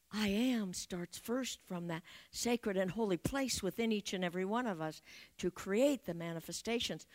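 A woman giving an Easter sermon as a spiritual teacher, speaking in slow, affirming and prayerful phrases. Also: mid-range voice.

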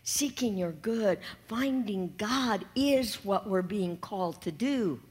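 A woman minister preaching a sermon, talking softly and slowly and sometimes dropping to a whisper. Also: mid-range voice, expressive, slightly rough. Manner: soft and slow, dropping to whispers.

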